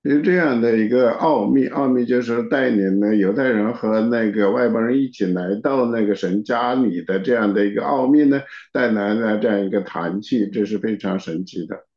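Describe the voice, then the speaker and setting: A man's voice: on the low side, fairly quick, few pauses. A man interpreting a sermon, talking steadily with frequent filler particles. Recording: dull, echoey room recording.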